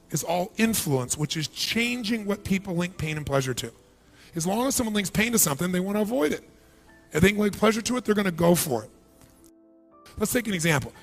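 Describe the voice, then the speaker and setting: A man giving a live motivational seminar speech in a large event hall, animated and firing questions straight at the crowd. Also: sits high, creaky. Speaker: motivational speaker.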